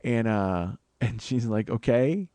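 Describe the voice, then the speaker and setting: This man in his 40s speaks slowly but animatedly in a dark, mid-range voice, recorded without room sound. Hosting a podcast, he delivers a wandering, self-mocking comedic monologue full of swearing, his voice rising as he re-enacts his panic.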